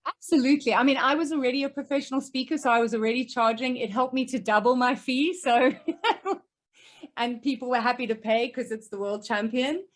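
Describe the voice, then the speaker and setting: A woman who speaks professionally, answering questions over a video call with emphatic, crisp points. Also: high voice, fairly even intonation, brisk. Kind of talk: remote Q&A answers. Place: home office, remote.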